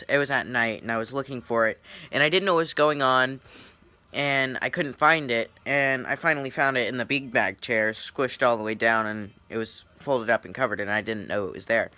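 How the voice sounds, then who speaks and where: A young YouTuber telling a story with a bright, forceful voice and eager, rambling energy. He piles clause on clause and swears freely. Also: medium pitch, smooth, dry recording. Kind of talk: story time vlog.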